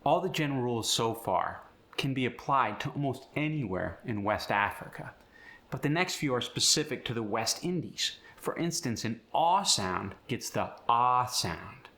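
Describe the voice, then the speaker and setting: A man's voice: medium pitch, lively intonation, moderate pace, pushed and bright. A man teaching an accent, explaining each sound change step by step before reading an example sentence. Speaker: accent coach. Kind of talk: accent tutorial.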